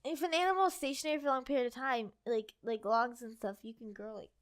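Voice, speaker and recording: A woman's voice: a little high, steady tone, fast talker, clear, resonant tone. A young woman co-hosting a casual chat, reading passages aloud and insisting on getting through them. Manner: chatty, lots of "like", insistent when reading. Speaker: co-host.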